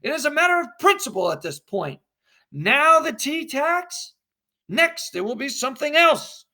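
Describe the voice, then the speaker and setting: A man's voice: very high-pitched, very animated, measured pace, pushed and bright, voice pushed up, exaggerated voice. A man voicing a fired-up colonist spectator who urges his friends to refuse a tax. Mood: rousing. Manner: rousing, urgent. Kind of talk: classroom role-play reading.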